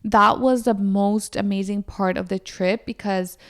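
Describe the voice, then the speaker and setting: A woman's voice: mid-range voice, steady tone, unhurried. A young woman hosting a podcast, chatting casually with lots of fillers and addressing her listeners directly. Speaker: podcast host. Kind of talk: casual chat.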